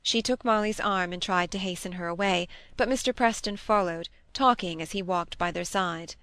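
A woman narrating a novel in a measured, steady audiobook reading. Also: fairly low pitch, clear, resonant tone, no room sound.

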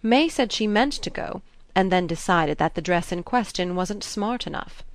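A woman reading a novel aloud, voicing a young gentleman who is contrary and argumentative. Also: mid-range voice, animated, moderate pace, gravelly. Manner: dismissive, argumentative.

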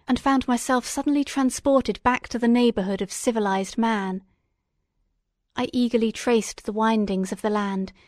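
A woman reading a classic novel aloud as an audiobook, in a measured, expressive and dramatic way. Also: fairly high pitch, dry recording, studio quality. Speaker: audiobook reader.

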